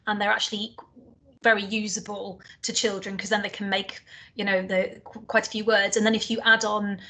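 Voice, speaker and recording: Northern english lady lecturing on a video call, rambly, lots of ums, middle pitch. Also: little pitch movement, a little fast, bright, forceful tone. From Northern England. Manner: chatty, frequent ums and restarts. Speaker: teacher trainer. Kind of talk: online lecture.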